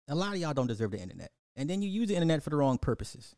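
A man rants into a podcast mic, mocking and scolding his audience with heavy profanity. His voice sits a little high for a man. The sound is dry and close, with no room around it. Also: sing-song, very fast, hardly any pauses, a little mellow, no echo. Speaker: podcast host. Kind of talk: ranting social commentary.

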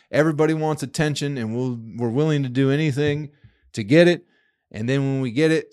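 Crude, rambling male podcast host. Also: mid-range voice. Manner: crude, rambling, profane storytelling. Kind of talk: casual solo podcast monologue.

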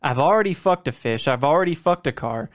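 A man joining a podcast chat, dropping dry, deadpan quips. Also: on the high side, a little fast, no room sound. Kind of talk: casual comedic chat.

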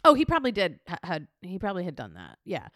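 A woman's voice: lowish voice, fast talker, dry recording, clean studio sound. A woman in her thirties with a New York accent, co-hosting a podcast in casual chat and telling stories with lots of laughter. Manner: animated, laughing storyteller. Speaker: podcast co-host.

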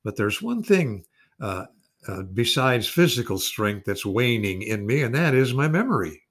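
A man's voice: medium pitch, very animated, normal speed, fairly bright tone. A man in his eighties teaching an informal Bible study, earnest and rambling, stretching out key words of Scripture for emphasis. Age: 80s. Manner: rambling with restarts and repeated words.

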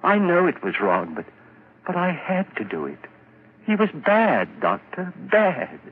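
A stammering guilt-crazed killer. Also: male voice, a little high, huge pitch swings, unhurried, husky, full character voice. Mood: earnest. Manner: stammering, panicky, rising to shouts. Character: frantic male murderer tormented by guilt. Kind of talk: 1940s radio acting. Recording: dull old radio recording, faint hiss.

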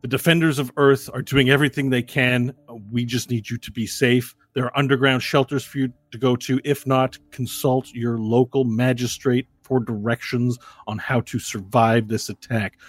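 A man's voice: medium pitch, little pitch movement, normal speed, few pauses, dry recording, close to an everyday voice. A man voicing a male news reporter who reads out an urgent, propaganda-like broadcast in a tabletop game. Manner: propaganda-like announcing.

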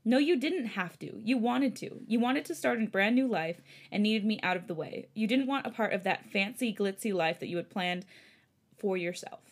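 Young man, hurt, bitter, soft hushed lines, storybook reading, woman reader. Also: mid-range voice, expressive, moderate pace. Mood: pleading.

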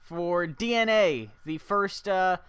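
A man's voice: high voice, slow, fairly bright tone, smooth. A man co-hosting a podcast, trading dry, wry remarks in casual chat. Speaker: podcast co-host.

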